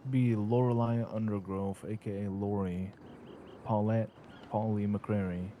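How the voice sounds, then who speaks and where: Low, mellow man swearing casually. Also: steady tone, slight background noise. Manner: casual, swears often, halting restarts. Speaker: role-play character reminiscing. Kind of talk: in-character role-play chat.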